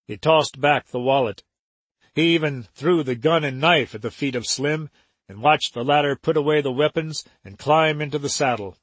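Male audiobook narrator, steady reading, slightly high voice, dead dry booth. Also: moderate pace, husky, dry recording. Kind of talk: scripted narration.

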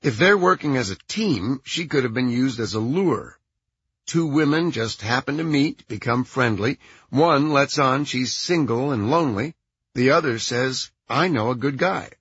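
A man narrating a crime story in a scripted, expressive read. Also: medium pitch, unhurried, slightly rough, no room sound, muffled recording. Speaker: audiobook narrator.

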